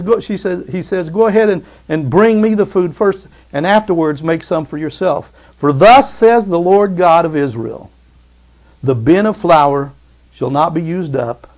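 Male preacher, sermon, emphatic, loud then hushed, slightly high voice, calls for amens. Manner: emphatic, swings from loud exclamations to hushed reassurance; asks the congregation for amens.

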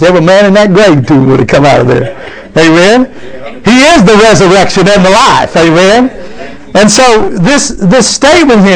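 Man preaching, fairly high voice, lively delivery, reads scripture, calls for amens. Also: rough recording. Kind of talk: sermon.

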